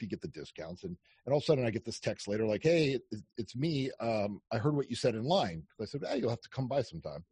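A man chatting casually as a podcast guest, telling animated stories, acting out quoted lines and swearing freely. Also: mid-range voice, husky, no room sound. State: on day four of a fast. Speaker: podcast guest, dating coach. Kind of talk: casual chat.

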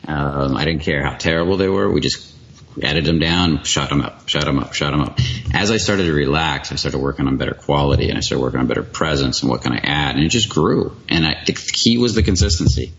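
A man's voice: very deep voice, lively intonation, brisk, vocal fry, a bit bright. A man talking frankly as an interview guest, swearing casually and rambling through restarts. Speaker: guest, video creator. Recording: slightly dull lo-fi audio.

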